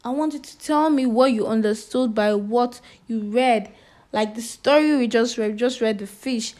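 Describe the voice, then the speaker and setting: A woman's voice: a little high, normal speed, darkish tone. A woman teacher with a Nigerian accent, reading a story aloud to children and spelling words out letter by letter.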